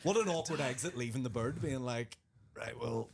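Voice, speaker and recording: A man's voice: mid-range voice, fairly quick, a crowd in the background. A man hosting a comedy podcast in a club green room, easygoing and crude, swearing freely. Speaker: podcast host. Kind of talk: casual comedic banter.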